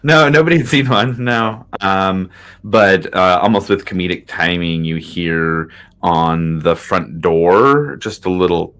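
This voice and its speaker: Brief: very deep male game master, halting narration with lots of fillers. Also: fairly bright tone. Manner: halting, many fillers, low-key.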